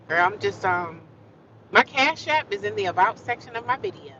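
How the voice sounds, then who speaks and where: A woman's voice: medium pitch, animated, normal speed, pushed and bright, muffled recording, a little hiss or hum. A woman ranting on a live stream, emphatic and fiery, repeating and drawing out her phrases. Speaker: livestreamer.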